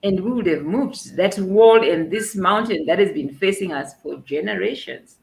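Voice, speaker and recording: A woman's voice: medium pitch, moderate pace, vocal fry, a little mellow. Woman hosting an online talk show in an echoey room. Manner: affirming, leads the talk with short agreements. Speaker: host.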